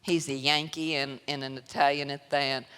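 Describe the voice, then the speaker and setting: A guest speaker with a Southern US accent recounts her story to a church audience with both laughter and sorrow in an emotional testimony. Her bass voice is level, sharp and clean at normal speed, with the sanctuary's long reverb.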